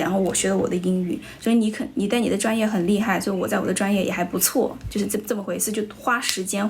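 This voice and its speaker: Over a faint hiss or hum, a medium-pitched voice comes from a young woman from China who teaches English and speaks with a Chinese accent. On her casual livestream she responds to comments, mixes English and Chinese, and doesn't hold back with rude viewers.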